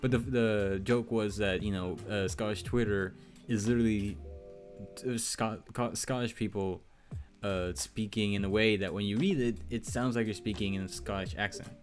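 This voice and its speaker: A man's voice: lowish voice, steady tone, moderate pace, soft background music. A man from Puerto Rico hosting a casual group chat, laughing often and cutting in. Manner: laughs often, talks over others. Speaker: podcast host.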